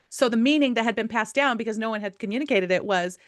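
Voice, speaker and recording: A woman's voice: a little high, fast, hardly any pauses, dry recording, clean studio sound. A woman co-hosting a podcast, casually telling an anecdote in an upbeat way. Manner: upbeat, tells anecdotes with acted-out dialogue. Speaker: podcast co-host. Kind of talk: casual storytelling chat.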